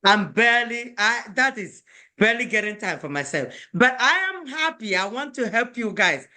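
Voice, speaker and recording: Woman language teacher, bright tone, animated pitch, encouraging and repetitive, mixing English with Igbo phrases. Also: normal speed. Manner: encouraging, coaxing, repeats phrases often. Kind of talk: adult beginner language class.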